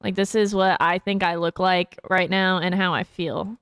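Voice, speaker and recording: A woman's voice: lowish voice, steady tone, moderate pace, clean tone, no room sound, clean studio sound. A woman livestreamer chatting casually to her viewers in a rambling, self-mocking way, laughing often between remarks. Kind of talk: casual stream chat.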